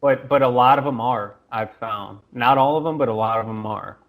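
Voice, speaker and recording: Podcast guest, male, mid-pitched, stop-start delivery, acts out example dialogue. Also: a bit bright. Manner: halting restarts, acts out quoted dialogue. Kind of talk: casual podcast discussion.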